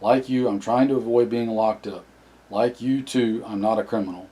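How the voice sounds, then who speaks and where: A man voicing a calm, commanding survivor. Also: lowish voice, normal speed, lightly acted. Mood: firm. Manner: firm, direct.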